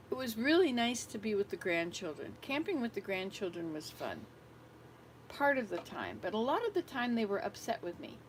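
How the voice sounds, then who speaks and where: An older woman serving as a missionary, telling a family story in a rambling, animated way and acting out the dialogue. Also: medium pitch, a little hiss or hum, poor audio. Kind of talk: casual storytelling vlog.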